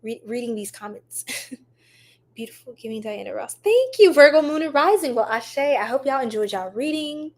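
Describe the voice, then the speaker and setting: A woman's voice: high voice, lively intonation, moderate pace. A woman hosting a livestream tarot reading, chatting affectionately with viewers and reading their comments aloud. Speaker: tarot reader livestream host.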